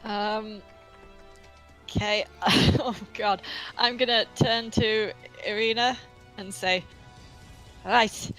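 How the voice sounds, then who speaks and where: Bright-voiced woman playing a tabletop game. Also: mid-range voice, steady tone, slow pace, faint music behind, rough recording. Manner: laughing, unsure. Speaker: player. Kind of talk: casual tabletop play.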